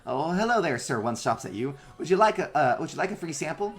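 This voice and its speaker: A tiny carnival robot, as a man puts it on during a tabletop game, squeaking along in a very high voice. It is hurried and overly polite. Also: sing-song. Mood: chirpy. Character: small chirpy robot errand runner.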